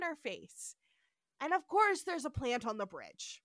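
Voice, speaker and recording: A woman hosting a podcast, recapping an episode in a casual, animated storytelling style. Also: high voice, unhurried, no room sound, studio quality. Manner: animated storytelling with frequent voices and laughter. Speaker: podcast host.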